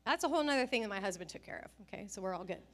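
A middle-aged woman pastor speaks in a mid-range voice at a very fast clip as she delivers a sermon. She tells stories with lots of animation and acts out the quotes.

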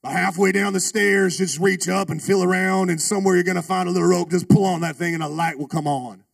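A man voicing a big, burly male biker who talks slow, low and clipped. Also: steady tone, vocal fry, slightly rough, far from the mic, heavily acted. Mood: gruff.

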